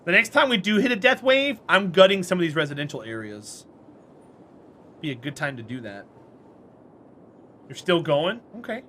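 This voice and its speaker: A talkative man streams a game while chatting with his viewers. His voice sits high and swoops animatedly, with a bright, forceful edge. He is friendly and answers his chat by name between laughs. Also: lively intonation, moderate pace, pauses often, slight background noise.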